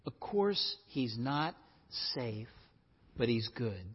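A man reading aloud as a gruff, insistent male beaver who speaks emphatically, recorded in an echoey hall with dull, lo-fi sound. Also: medium pitch, big pitch swings, slow pace, voice pushed down, full character voice.

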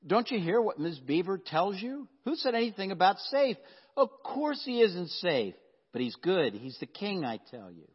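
A man's voice: high-pitched, very animated, moderate pace, breathy edge, voice pushed up, exaggerated voice. A man reading aloud as a stern male talking beaver from a storybook, in an insistent tone. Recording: dull sound with long hall reverb.

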